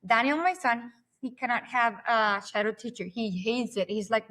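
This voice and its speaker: A woman, a podcast guest who talks fast and at length in animated conversation. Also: fairly high pitch.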